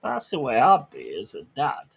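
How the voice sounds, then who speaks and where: A man's voice: medium pitch, wildly swooping pitch, moderate pace, vocal fry, a bit bright, slightly rough. A man chatting on a livestream, reading chat aloud and ranting crudely with lots of swearing.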